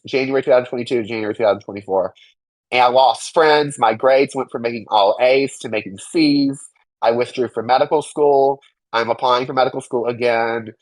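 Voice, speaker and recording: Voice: medium pitch, no room sound, poor audio. Indignant young adult, dry close mic. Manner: emphatic, indignant, swears freely and mocks others in quoted voices. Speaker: interview guest. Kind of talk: candid personal testimony.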